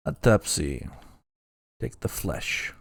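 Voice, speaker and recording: A bossy talking skull, as a man puts it on growls out orders in a low, gruff voice. He sounds demanding. The recording is dry and close. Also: very animated, slow pace, no echo, heavily acted.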